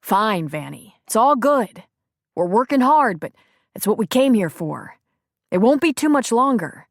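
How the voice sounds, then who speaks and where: A woman narrator voicing a young male Marine calling his wife, warm and teasing. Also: fairly high pitch, big pitch swings, unhurried, no echo, clean studio sound, voice pushed up, heavily acted. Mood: affectionate.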